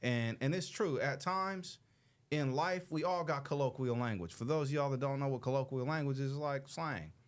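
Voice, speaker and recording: Hosting a show, a man in his thirties from Los Angeles spins a casual story for his audience in a mid-range voice at a moderate pace. He uses plenty of slang and performs the voices of the people he quotes.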